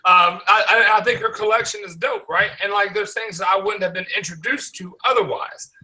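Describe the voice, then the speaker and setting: A man's voice: high-pitched, a little fast, a crowd in the background, rough recording. A man from the American South hosting a casual sneaker podcast, loose, joking and profane. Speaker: podcast host. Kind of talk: casual chat.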